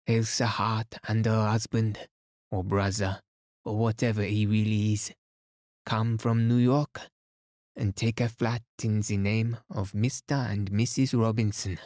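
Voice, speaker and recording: A man's voice: lowish voice, little pitch movement, measured pace, darkish tone, no echo, clean studio sound, close to an everyday voice. A man voicing a fussy, self-assured older male detective who reproves mildly and sprinkles in French words. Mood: explaining.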